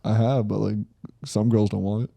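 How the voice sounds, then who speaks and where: Very dark-voiced joking podcast guy. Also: on the low side, steady tone, creaky. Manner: crude joking, quick bursts. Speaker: podcast co-host. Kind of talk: casual chat.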